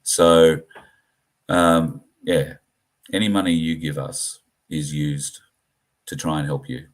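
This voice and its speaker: A middle-aged man with an Australian accent, hosting a livestream and talking earnestly and plainly to his viewers, with frequent pauses and fillers. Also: extremely low pitch, level tone. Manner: earnest, plain-spoken, halting with many fillers. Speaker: livestream host. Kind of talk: casual livestream talk to viewers.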